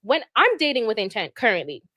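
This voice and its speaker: A woman's voice: fairly high pitch, very animated, fast, pushed and bright, no echo, studio quality. A woman guest in a casual livestream talk, blunt and emphatic as she lays out her views.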